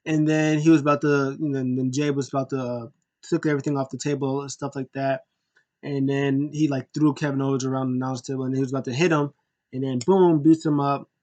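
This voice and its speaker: A man giving a casual, excitable recap of a wrestling show, acting out scenes in raised voices. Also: medium pitch, brisk.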